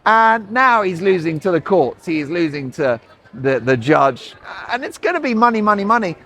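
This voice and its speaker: A man's voice: high-pitched, sing-song, moderate pace, a bit bright. A man in his forties, a talk show host rambling in chatty, sarcastic commentary, recorded outdoors. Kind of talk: opinionated commentary.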